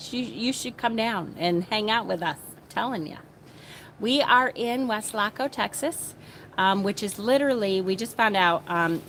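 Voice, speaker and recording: A woman chats casually to her live-stream audience from a small screened porch room. She rambles in an upbeat, friendly way and greets viewers by name. Her voice sits at an ordinary middle pitch, with faint noise in the background. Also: fairly bright tone.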